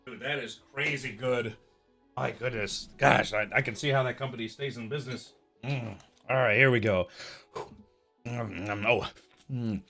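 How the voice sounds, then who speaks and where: This live streamer talks with his chat over a meal, animated and laughing, relishing each bite aloud with his mouth full. His voice is creaky and medium in pitch at a moderate pace, with soft background music.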